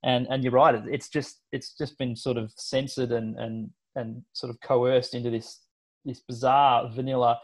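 An Australian man co-hosting a podcast, chatting in an animated way and acting out mock quotes. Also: medium pitch, normal speed. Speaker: podcast co-host. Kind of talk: casual panel chat.

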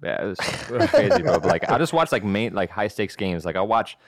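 A man's voice: on the low side, big pitch swings, a little fast, no room sound, clean studio sound. A young man in casual podcast chat, swearing a lot and filling his talk with "like" and "bro".

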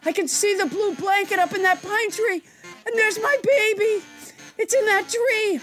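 A woman's voice: extremely high pitch, moderate pace, fairly bright tone, soft background music, pitched above the performer's own voice. A woman playing a frantic mother desperate to reach her baby. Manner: frantic, breathless.

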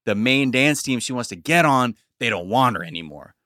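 Bright, dry-sounding male podcast host; casual, rambling, lots of "like.". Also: mid-range voice, expressive, normal speed, dry recording. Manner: loose, rambling storytelling with many fillers. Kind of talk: casual chat.

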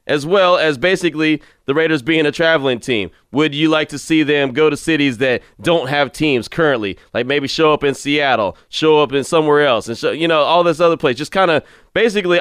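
A man hosts a fan podcast in a loose, joking, frank way. His voice sits a little high and sounds smooth and clear. The sound is dry and close. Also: fairly bright tone, no echo. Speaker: podcast host. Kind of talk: casual fan podcast talk.

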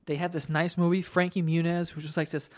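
A man's voice: fairly high pitch, level tone, a little fast. A man in casual podcast chat, trading crude, joking banter.

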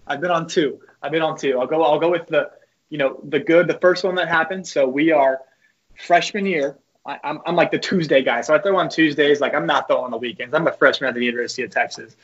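A young man, a former college pitcher, telling loose, profane stories as a podcast guest. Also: quick pace, a bit bright, highs cut off. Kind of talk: casual podcast chat.

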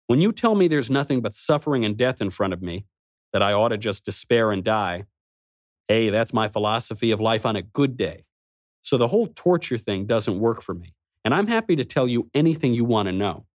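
Wry, low-voiced male storyteller. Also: lively intonation, moderate pace, dry recording, studio quality. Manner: wry, snarky. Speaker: audiobook narrator. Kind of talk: first-person story narration.

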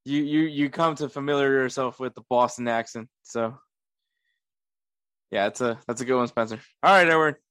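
A man's voice: mid-range voice, moderate pace, a bit bright, smooth, dry recording, clean studio sound. A man hosting a casual sports podcast, laughing often and poking fun at himself. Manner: laughs often, self-mocking. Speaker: podcast host.

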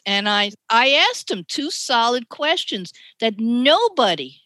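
Bright, chatty New York woman. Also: on the high side, unhurried, few pauses, dry recording. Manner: animated storytelling, chatty, laughs often. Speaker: ghostwriter guest. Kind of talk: podcast interview.

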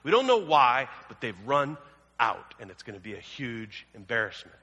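A man's voice: medium pitch, big pitch swings, normal speed, sharp tone, slightly rough. A man preaching a sermon as a pastor, telling the story conversationally with humorous asides. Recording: long hall reverb.

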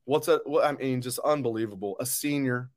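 A man's voice: medium pitch, brisk. Angry ranting sports host, a man. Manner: angry, ranting, blunt, swears. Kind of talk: live call-in sports talk.

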